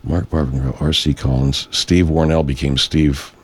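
A male radio host with a very low voice talks off the cuff. He wanders from point to point, restarts often and drops casual profanity. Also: level tone, unhurried, breathy edge. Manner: meandering, self-interrupting, swears freely. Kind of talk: rambling casual monologue.

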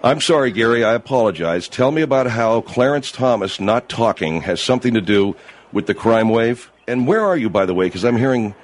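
A man's voice: mid-range voice, lively intonation. A man hosting a comic radio call-in show, exasperated and incredulous. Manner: exasperated, incredulous, quick-tempered.

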